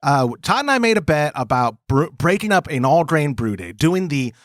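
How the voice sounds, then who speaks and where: Male podcast host, chatty and animated, swooping pitch, dry close mic. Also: moderate pace, no room sound. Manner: animated storytelling with quoted voices. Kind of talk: casual chat.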